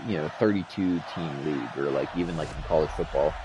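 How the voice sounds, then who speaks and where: A young man with a very low, deep voice talks loosely over his football game, rambling and cursing when the plays frustrate him. A faint hiss of noise sits under his voice. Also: fast talker. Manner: rambling, frustrated, swears freely. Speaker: league commissioner playing a football game. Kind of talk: casual gameplay commentary.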